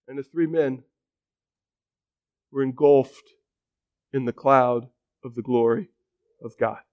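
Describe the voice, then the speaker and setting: A male pastor preaching a sermon with dramatic storytelling, often dropping to a near-hush for weight. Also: sits high, takes it slowly, long pauses.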